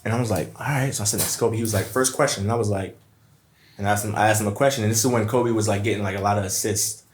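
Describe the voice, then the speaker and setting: A low-voiced man, a podcast guest spinning animated stories and slipping into other people's voices as he quotes them. The sound is roomy and echoey, as if recorded in an untreated room. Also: rapid-fire, slight background noise. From Brooklyn, New York. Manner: animated storyteller, acts out quotes. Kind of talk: casual storytelling chat.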